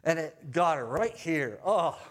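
At a measured pace and in a slightly high, animated voice, a middle-aged pastor delivers a sermon built around family stories told conversationally. He alternates between loud exhortation and quiet, tender asides.

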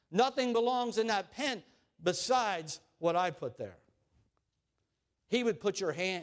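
Preaching man with a higher voice. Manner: animated storytelling preacher, rising and falling in volume. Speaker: pastor. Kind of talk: sermon.

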